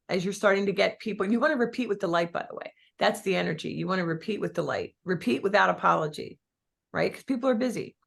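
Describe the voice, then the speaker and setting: A woman coaching real estate agents in an energetic, chatty way, with many fillers and small restarts. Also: medium pitch, vocal fry. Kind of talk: coaching talk to an audience.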